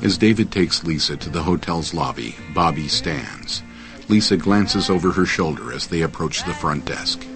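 A man with a very deep voice reads scripted audio description in a steady, measured tone. The film's music plays clearly beneath him. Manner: even, measured narration.

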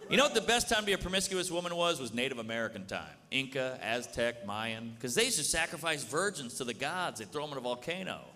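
A man's voice: mid-range voice, very animated, fast talker, hardly any pauses. A man performing a stand-up comedy set, crude and conversational, leaning on "you know". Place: comedy club stage. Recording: live stage mic, reverberant hall, loud audience. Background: audience laughter and room noise.

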